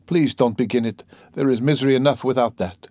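A man voicing an anxious, distressed young woman who pleads softly. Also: mid-range voice, brisk, dry recording, close to an everyday voice.

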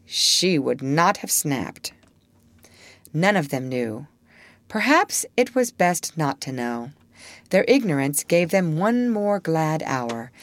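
Low-voiced woman reading a storybook. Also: no room sound. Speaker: audiobook narrator. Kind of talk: scripted storybook narration.

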